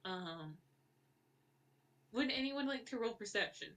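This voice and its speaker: A woman's voice: a little high, expressive, measured pace, fairly bright tone, recorded from a distance. A woman running a tabletop game as game master, describing the scene in a rambling way with many fillers and restarts.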